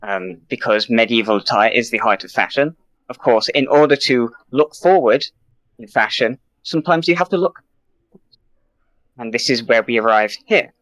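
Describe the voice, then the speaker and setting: British man, mock-formal presenter, dry close sound, middle pitch, stop-start delivery. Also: normal speed, fairly bright tone, no room sound, rough recording. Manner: mock-formal, hesitant, with many ums and restarts. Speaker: presenter in a comedy sketch. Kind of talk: improvised comedic pitch.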